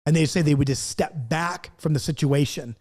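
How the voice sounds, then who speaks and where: Middle-aged guy teaching bible study, pretty high voice, earnest, keeps repeating his points like a coach. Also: normal speed, a little mellow, slightly rough. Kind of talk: recorded Bible study lesson.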